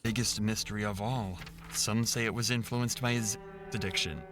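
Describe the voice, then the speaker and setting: A man giving scripted documentary narration in a measured, somber way. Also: lowish voice, steady tone, noisy background.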